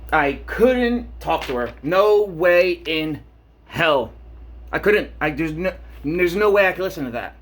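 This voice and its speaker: Man, late 30s, vlogger: husky, slightly high voice, rambling and profane. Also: a little slow. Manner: profane, animated, worked up. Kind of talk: rambling casual monologue. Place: home shower.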